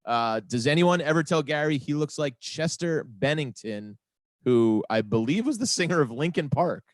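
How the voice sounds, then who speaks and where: A man's voice: fairly high pitch, animated, normal speed, dry recording. A man hosting a casual comedy panel chat, reading listener questions with a teasing manner. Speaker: host.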